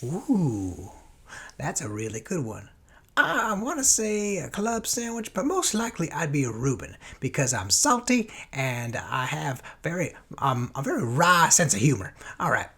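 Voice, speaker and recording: A man playing a folksy Southern man with a Southern US accent, who answers silly interview questions in a rambling, goofy way with a husky voice. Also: wildly swooping pitch, measured pace, bright, forceful tone, exaggerated voice. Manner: rambling, goofy, sudden jumps in pitch. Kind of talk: comedic mock interview.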